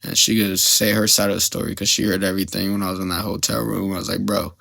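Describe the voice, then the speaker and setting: A man's voice: sits low, level tone, fast talker, vocal fry, bright, forceful tone, no echo. A young man hosting a podcast, telling a story in a rambling, slang-heavy way and often getting sidetracked. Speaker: podcast host.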